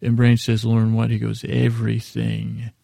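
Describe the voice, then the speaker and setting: A man's voice: medium pitch, level tone, unhurried, creaky, mellow, no room sound. A man casually recapping a TV episode on a podcast, rambling and paraphrasing scenes with lots of fillers.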